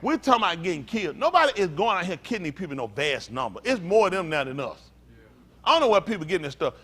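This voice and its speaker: A man's voice: sits high, sing-song, quick pace, fairly bright tone. A man preaching as a pastor in a blunt, profane, rambling informal sermon.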